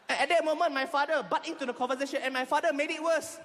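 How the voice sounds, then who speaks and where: A man with a Malaysian English accent doing stand-up comedy, telling animated stories on stage in front of a live audience. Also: very fast, hardly any pauses, big-room sound, background noise. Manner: animated storytelling with shrill acted voices.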